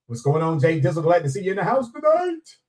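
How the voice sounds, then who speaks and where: A man's voice: high voice, fast talker. A man hosting a live show, chatting casually and playfully with viewers, greeting them by name and laughing often. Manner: animated, laughing, playful Southern Black vernacular. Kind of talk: casual live-stream chat. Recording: voice somewhat distant from mic.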